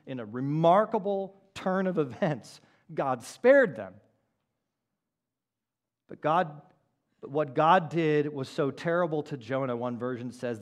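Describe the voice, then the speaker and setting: A man preaching a sermon as pastor, moving from loud emphatic lines to quiet low asides and acting out quoted words. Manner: acts out the prophet's quoted words.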